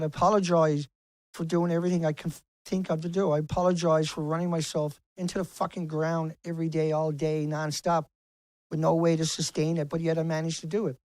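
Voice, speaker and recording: An activist vlogger stands on a beach and unloads a furious, profanity-laced tirade at the camera, hammering his points through repetition. He speaks in a slightly mellow, higher-pitched voice with no room sound.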